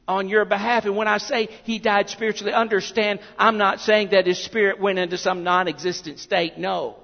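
Preacher, male, high and gravelly, delivering a sermon that swings from loud declarations to near-whispers, recorded muffled in a reverberant hall. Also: steady tone, moderate pace.

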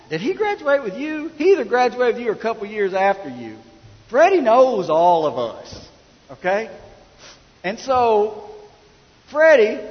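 Folksy middle-aged preacher with a high voice. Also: male voice, in a large hall, lo-fi sound. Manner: folksy storytelling, conversational. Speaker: pastor. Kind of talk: sermon.

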